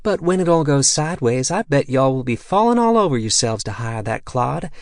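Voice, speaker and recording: A man's voice: medium pitch, animated, fairly quick, a little mellow, no room sound, studio quality, voice pushed up, natural voice. A man voicing a sassy, teasing woman fixer in a raised, lighter voice.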